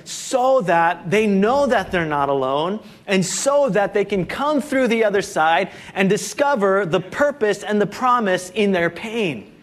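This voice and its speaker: High-voiced pastor preaching conversationally. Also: male voice, expressive, unhurried, hardly any pauses. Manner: conversational preaching with frequent "you know" and "like". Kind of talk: sermon.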